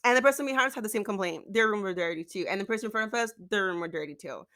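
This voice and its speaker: A woman's voice: mid-range voice, racing, fairly bright tone. A woman telling a storytime vlog, exasperated, acting out the dialogue as she retells it. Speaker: vlogger.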